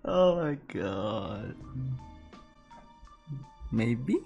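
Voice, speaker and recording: Streamer guy losing it, screaming and laughing, slow drawn-out talk, faint music behind. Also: fairly low pitch, big pitch swings, creaky, darkish tone, muffled recording. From Southeast Asia. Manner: shrieks, laughs and swears in disbelief. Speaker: game streamer. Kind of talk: excited live gaming stream.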